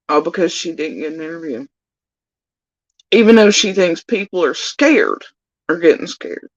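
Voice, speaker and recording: A woman giving scornful reaction commentary, her pitch leaping between low grumbles and sharp highs. The audio is dull and lo-fi, with a dry, close sound. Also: lively intonation, moderate pace, long pauses, dry recording. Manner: scornful and mocking, with sudden high-pitched jabs. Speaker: commentary host.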